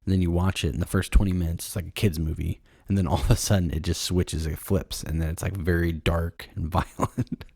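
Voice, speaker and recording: A low-pitched man with a gravelly fry in his voice chats casually on a podcast, rambling through ideas with plenty of fillers and giggles. He sounds a little tired, and the recording is close and dry with no room sound. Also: fairly even intonation, a little fast, hardly any pauses, darkish tone, no room sound. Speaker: podcast co-host. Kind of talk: casual chat.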